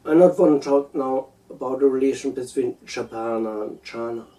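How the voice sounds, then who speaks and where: Male, German accent, unscripted musing, halting delivery, dark tone, slightly distant from the mic. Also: medium pitch. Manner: hesitant, halting with repeated words. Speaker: video essayist. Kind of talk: unscripted personal reflection.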